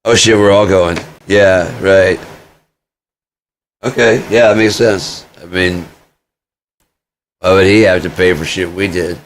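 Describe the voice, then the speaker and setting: A man's voice: deep voice, steady tone, takes it slowly, long pauses, slight background noise. A man in a rambling casual monologue, swearing freely and joking at his own expense. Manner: profane, joking, self-mocking. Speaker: vlogger.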